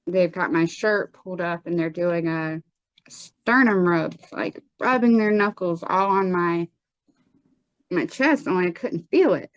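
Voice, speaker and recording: A woman giving a personal testimony in an interview, earnest and halting, with frequent pauses and restarts. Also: fairly low pitch, smooth, no room sound, highs cut off. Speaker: guest telling her life story.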